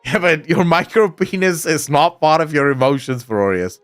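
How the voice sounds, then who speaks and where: A man's voice: on the high side, big pitch swings, moderate pace, soft background music. A young man with a South African accent, chatting casually and crudely on a live stream, joking and swearing as he reacts to chat. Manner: sardonic, joking, frequent laughter and swearing.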